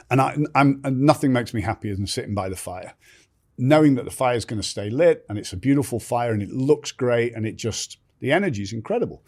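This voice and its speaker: A man's voice: medium pitch, darkish tone. A middle-aged man, a podcast guest, telling stories in conversation and acting out other people's lines. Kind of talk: storytelling in conversation.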